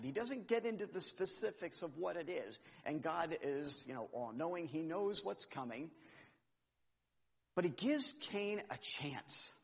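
A man's voice: fairly high pitch, creaky, a bit bright, husky, in a large hall. A man giving a sermon, explaining Scripture in an earnest, teaching way and reading verses aloud. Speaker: preacher.

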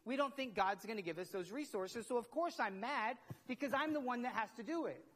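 Middle-aged pastor in a reverberant hall. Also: male voice, very high voice, expressive, brisk, a bit bright. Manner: conversational, self-questioning, repeats words when worked up. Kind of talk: sermon.

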